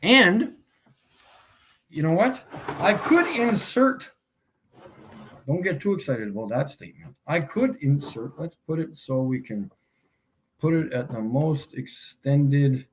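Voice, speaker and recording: A man hosting a casual livestream, mocking his viewers and laughing often as he repeats his points slowly for emphasis. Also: fairly high pitch, big pitch swings, slight background noise. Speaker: livestream host.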